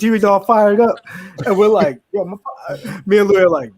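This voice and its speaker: Animated high-voiced man telling a story. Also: normal speed. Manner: animated, laughing, acts out quotes in raised voices. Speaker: podcast co-host. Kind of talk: casual storytelling among friends.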